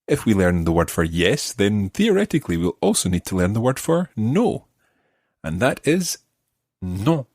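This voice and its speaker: A man's voice: lowish voice, big pitch swings, moderate pace, darkish tone, no room sound. A middle-aged man hosting a podcast language lesson, patiently explaining and modeling pronunciation for learners. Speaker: language teacher and podcast host. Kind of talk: friendly guided language lesson.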